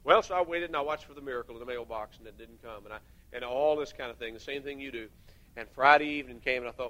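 A man's voice: medium pitch, quick pace, sharp tone, poor audio. A middle-aged man preaching a sermon, telling homey stories and rising to fervent emphasis.

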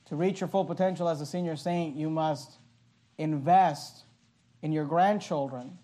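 A pastor preaching a sermon with impassioned delivery and many quick restarts of his phrases. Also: on the high side, warm tone.

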